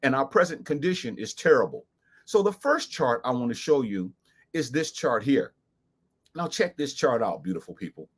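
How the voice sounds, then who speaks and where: A man hosting a commentary show, speaking in a preacherly, emphatic way to his viewers and slowly repeating key lines. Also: mid-range voice, very animated, husky. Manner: preacherly, addressing viewers as "beautiful people" and "brothers and sisters". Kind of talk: talk-show monologue with charts.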